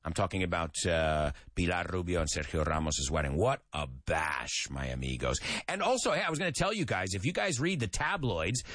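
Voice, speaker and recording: A man teaches English in a chatty, animated way, laughing often. His medium voice swings widely in pitch. The sound is dry and close, with no room echo. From Andalusia, Spain. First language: Spanish. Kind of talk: casual online English lesson.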